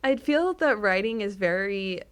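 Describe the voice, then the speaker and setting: A young woman co-hosts a podcast in an easy, chatty way. She laughs often and jumps from excited bursts back to flat, dry asides. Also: mid-range voice, unhurried, smooth. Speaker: podcast co-host. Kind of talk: casual chat.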